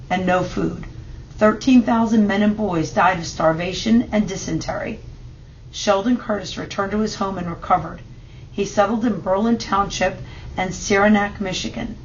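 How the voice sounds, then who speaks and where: A woman reading a children's picture book aloud in steady, measured narration. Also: medium pitch, dull audio, slight background noise. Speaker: storybook reader.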